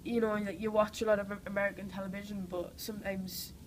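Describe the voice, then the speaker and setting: Fast-talking, with a mid-range voice and little pitch movement, a young woman from Newcastle chats enthusiastically in casual interview answers. She's an actress with a Geordie accent and a cold, and she says "like" and "you know" a lot. Poor audio carries a little hiss or hum.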